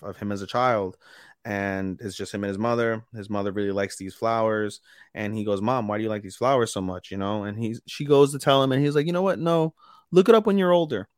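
Male podcast co-host, low voice, dry close sound, casual animated recap. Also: dry recording. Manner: animated retelling, acting out character lines. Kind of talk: casual anime podcast chat.

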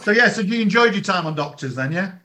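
A man interviewing an actor in a relaxed, conversational way. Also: sits high. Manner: conversational, quick bursts of questions. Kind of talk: casual interview chat.

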